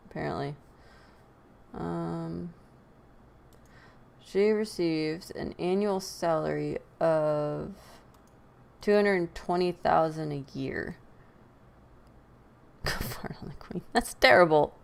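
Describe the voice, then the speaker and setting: A woman's voice: deep voice, takes it slowly, vocal fry, pauses often, clear, resonant tone. A woman hosting a podcast, giving opinionated casual commentary with frequent laughs and sighs. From United States. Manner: animated, laughs often, sighs. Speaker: podcast host.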